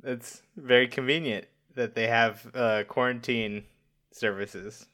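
Rambling male podcast co-host, bright tense tone, hesitant. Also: mid-range voice, fairly even intonation, slow. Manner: rambling, hesitant, with many fillers and chuckles. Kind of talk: casual podcast chat.

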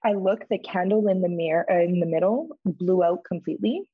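A young woman on a podcast, telling a story in a chatty way, full of fillers and lively quoted voices. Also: on the low side, a little fast, breathy edge, no echo, phone-quality sound. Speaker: podcast co-host. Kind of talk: casual storytelling.

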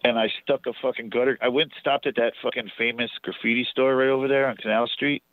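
A man's voice: mid-range voice, steady tone, quick pace, no echo, narrow, tinny audio. A man from New Jersey telling profane, rambling stories as a podcast guest. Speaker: podcast guest, show promoter. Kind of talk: casual storytelling.

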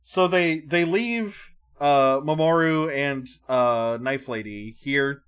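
A man's voice: medium pitch, slow, a bit bright, clean tone. A man co-hosting a podcast, casually recapping an episode and filling in details in an easygoing way. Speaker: podcast co-host.

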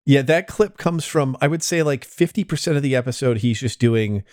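A man's voice: medium pitch, brisk, darkish tone, dry recording, studio quality. A man co-hosting a podcast, chatting casually and rambling with lots of hedges. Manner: rambling, hedging with fillers. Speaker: podcast co-host. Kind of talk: casual chat.

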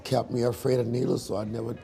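A man in an interview, telling his life story in a lively storytelling way and acting out the dialogue. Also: medium pitch, quick pace, creaky, faint music behind.

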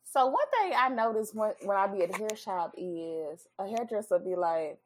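A woman's voice: medium pitch, animated, normal speed, hardly any pauses, a little hiss or hum. A woman co-hosting a podcast in casual chat, sassy, blunt and emphatic. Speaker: podcast co-host.

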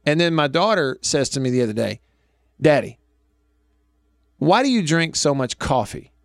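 A man's voice: on the high side, very animated, normal speed, gravelly, dry recording, studio quality. Man hosting radio, folksy storyteller. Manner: storytelling, folksy, laughs often. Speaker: radio show host. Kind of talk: casual radio talk.

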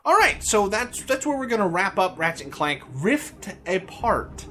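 A man's voice: high voice, big pitch swings, bright, forceful tone, soft background music. Playful male game podcast co-host. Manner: playful, jokey, drawn-out pauses. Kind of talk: casual game podcast chat.

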